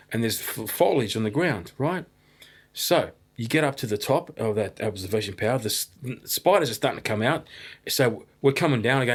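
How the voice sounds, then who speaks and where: A man hosting a podcast, telling an excited, animated story in casual chat. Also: mid-range voice, brisk, breathy edge. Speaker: podcast host.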